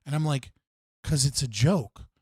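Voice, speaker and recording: A man's voice: medium pitch, measured pace, warm tone, husky, no echo, clean studio sound. A man hosting a casual livestream, telling rambling stories full of swearing and fillers. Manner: profane, rambling storytelling with frequent fillers. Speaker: streamer host.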